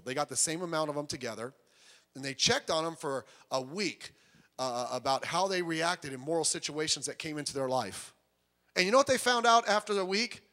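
Animated preacher in a reverberant hall. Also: male voice, fairly high pitch. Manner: animated, acts out quoted voices. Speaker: pastor. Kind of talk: sermon.

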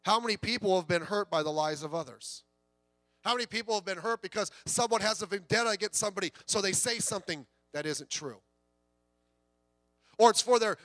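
Male pastor, sermon, high voice, chatty storytelling, dry recording. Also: a little fast, fairly bright tone, no room sound. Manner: conversational preaching with anecdotes and quoted voices.

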